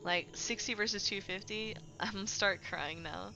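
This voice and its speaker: A woman game streamer giving excited, chatty, slangy live commentary as she watches and plays. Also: medium pitch, a little slow, vocal fry, background noise. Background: background music.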